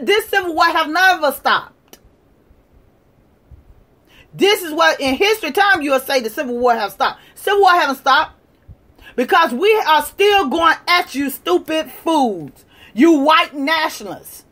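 A woman hosting a livestream, lecturing and challenging viewers in a combative way, moving from shouting to quiet muttering. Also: high voice. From United States. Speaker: livestream host. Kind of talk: live-stream rant to viewers.

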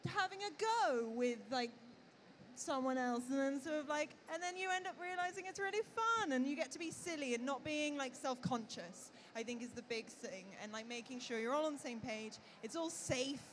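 A woman's voice: high-pitched, normal speed, slight background noise. A woman panelist at a live convention panel, talking casually and chattily, full of "like". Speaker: panelist, actor and player. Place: on stage at a comic convention panel.

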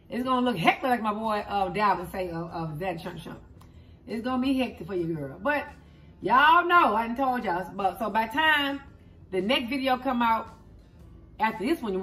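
Bright-voiced chatty woman host. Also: mid-range voice. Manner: rambling, chatty, often calls viewers y'all and child. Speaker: mukbang host. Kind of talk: casual chat to viewers while eating. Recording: speaking from a distance with faint music.

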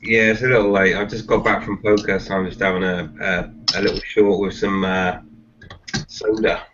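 A man's voice: deep voice, flat delivery, normal speed, fairly bright tone. A man with a London accent, a guest chatting casually with dry jokes. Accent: London English. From England. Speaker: guest caller. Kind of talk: casual chat. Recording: lo-fi online call audio.

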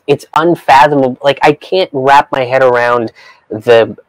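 A man's voice: mid-range voice, no echo, low-quality recording. A man giving a profane, incredulous rant while reading from an article. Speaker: comedian vlogger.

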